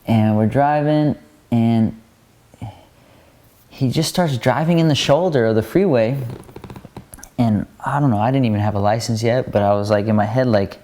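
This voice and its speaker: A pro skateboarder giving relaxed commentary over his video footage, rambling into stories with plenty of fillers. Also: medium pitch, normal speed, pauses often.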